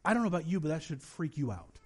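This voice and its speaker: A male pastor delivering a sermon with a notably high-pitched voice. He tells lively personal stories and slips into the voices of the people he quotes. His delivery is animated and conversational. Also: quick pace, breathy edge. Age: adult, has children.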